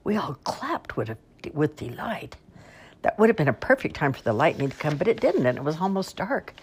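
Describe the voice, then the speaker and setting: A woman reading a story aloud in an unhurried storybook narration. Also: sits low, very animated, a little mellow, a little hiss or hum.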